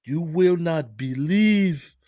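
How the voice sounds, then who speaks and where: A man doing an impression of an excited male parking-lot attendant with an African accent, drawing out his words with emphasis. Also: a little high, slow, no echo, clean studio sound, voice pushed up. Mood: excited gossip.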